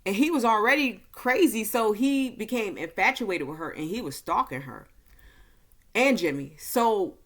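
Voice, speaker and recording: A woman giving a casual movie recap and review, talking slowly and easily, with frequent fillers. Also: medium pitch, animated. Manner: slow, easygoing delivery with many fillers.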